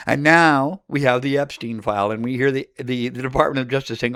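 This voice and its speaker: A man's voice: medium pitch, fairly quick, hardly any pauses, fairly bright tone, smooth, no room sound, studio quality. A middle-aged man from the United States delivering an angry, emphatic political monologue that speaks directly to the listener. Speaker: political commentator.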